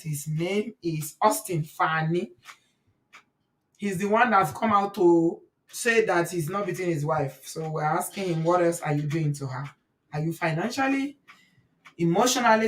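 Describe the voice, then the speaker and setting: A woman's voice: mid-range voice, fairly bright tone. A woman with a Nigerian accent hosting a casual livestream, chatty and preachy, often breaking into laughter. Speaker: livestream host. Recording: voice a bit far from the mic.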